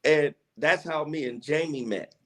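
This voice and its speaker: A man from Tennessee, a radio personality, telling a story in a casual interview, animated, slangy and profane, acting out what people said. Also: fairly high pitch, unhurried. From Chattanooga, Tennessee, USA. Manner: animated storyteller who acts out quoted dialogue, with slangy profanity. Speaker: radio personality and podcast guest.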